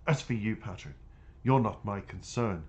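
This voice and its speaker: A man's voice: lowish voice, lively intonation, normal speed, lo-fi sound, a little hiss or hum, natural voice. A man reading as stern, scolding Madame. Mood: reproachful. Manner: scolding, reproachful. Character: domineering middle-aged woman, the stern Madame.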